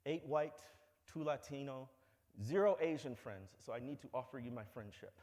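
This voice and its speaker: A man's voice: medium pitch, normal speed, darkish tone. A man giving a public talk, telling stories in a conversational, wry way. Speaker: speaker. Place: lecture hall. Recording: long hall reverb.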